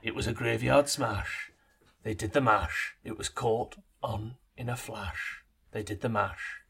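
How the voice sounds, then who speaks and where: A man putting on a spooky Geordie reciter, gravelly. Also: on the low side, steady tone, unhurried, fairly bright tone, full character voice. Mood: mock spooky.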